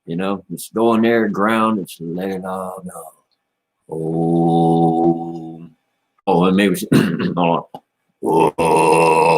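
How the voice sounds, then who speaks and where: Hosting a livestream, a man with a somewhat low voice chats with viewers in a laid-back, rambling way. "Man" and "you know" pop up often in his easygoing talk.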